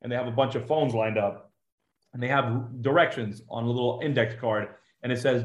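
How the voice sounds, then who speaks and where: A man's voice: mid-range voice, moderate pace, highs cut off. A man from Georgia, a former Marine, telling his story as an interview guest, full of "like" and acted-out quotes. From Georgia, USA. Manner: chatty, acts out quotes, frequent "like" and "uh" fillers.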